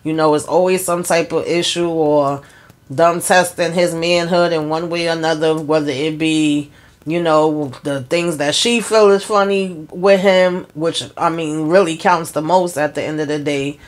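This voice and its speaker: A woman's voice: low-pitched, fairly even intonation, measured pace. A woman hosting her own channel, chatting frankly as she recaps a TV episode and gives her opinion, retelling scenes with quoted lines. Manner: drawling informal speech, many fillers. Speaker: TV episode reviewer, channel host.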